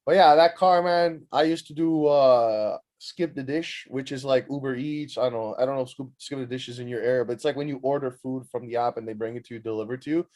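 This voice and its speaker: A young podcast host with a medium-pitched voice speaks a little fast with few pauses, telling a rambling comedic story. He's animated and profane, mocks himself, and fills his speech with constant "like" fillers.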